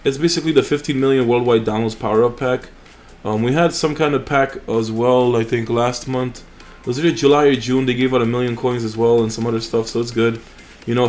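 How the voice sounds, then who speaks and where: A young man hosting a mobile game channel, chatting casually and rambling with fillers and restarts over his gameplay. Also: medium pitch.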